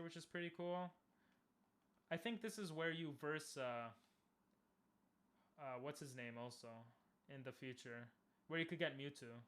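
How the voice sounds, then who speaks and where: A young man casually commenting on a game he is playing, chatting with viewers and bursting into loud cheers. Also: a little high. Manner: talks to chat, asks viewers questions. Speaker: streamer.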